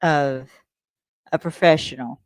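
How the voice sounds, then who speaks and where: A woman with a low, deep voice hosts a laid-back solo podcast, rambling through her thoughts with plenty of fillers and casual swearing. Her voice sounds dry and close, with no room echo. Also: steady tone, slow pace, smooth. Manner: rambling, profane, lots of "like" fillers. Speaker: podcast host.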